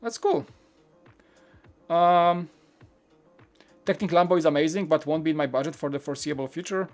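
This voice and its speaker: A man's voice: a little high, moderate pace, soft background music. A man hosting a toy-building live stream, chatting casually and candidly while answering viewer questions in a rambling way. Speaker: Lego channel host.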